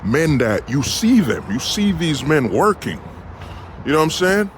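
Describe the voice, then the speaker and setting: A man's voice: on the high side, very animated, unhurried, a little hiss or hum. A man hosting his own channel, speaking in a rambling, casual commentary style with many fillers. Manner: rambling, many "you know what I'm saying" fillers. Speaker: channel host.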